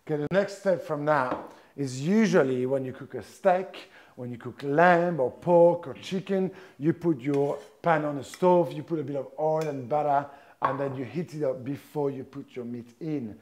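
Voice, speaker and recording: Chef guy cooking live, chatty, keeps restarting mid-sentence, voice on the higher side. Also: darkish tone. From France. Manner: chatty, halting restarts, explains step by step.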